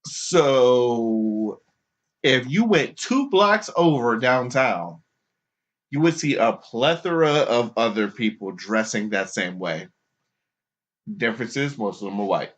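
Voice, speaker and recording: A man hosting a podcast, telling a story casually and putting on high mocking voices for the people he quotes, laughing often. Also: animated, takes it slowly. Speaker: podcast host. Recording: dull lo-fi podcast recording.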